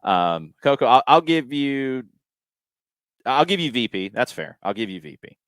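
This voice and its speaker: A man's voice: medium pitch, big pitch swings, measured pace, a bit bright, clear, resonant tone, no echo. A man hosting a casual soccer podcast, reading out listener questions and thinking aloud with frequent restarts and fillers. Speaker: podcast host.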